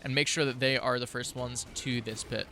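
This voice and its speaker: Bright, forceful male play-by-play caster, rapid running calls. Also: mid-range voice, steady tone, slight background noise. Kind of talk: live esports play-by-play.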